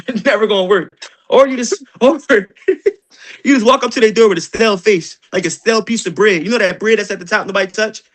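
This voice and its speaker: A man leading an energetic sales training session, joking and acting out doorstep exchanges. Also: high voice, a little fast.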